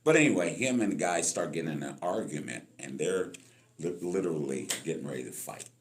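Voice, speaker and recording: A man in his sixties from Los Angeles, a musician telling stories from his life as a guest in an interview, animated and acting out the people in them. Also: a bass voice, fairly quick. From Los Angeles, California. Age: 60s. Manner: animated storyteller, acts out voices in his anecdotes. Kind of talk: storytelling interview.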